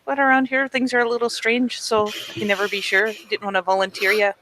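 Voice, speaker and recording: A woman's voice: a little high, little pitch movement, fairly quick, sharp tone, slight background noise, poor audio. A woman playing her character in a tabletop game, talking casually and folksily with plenty of filler words. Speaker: player. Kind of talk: in-character role-play.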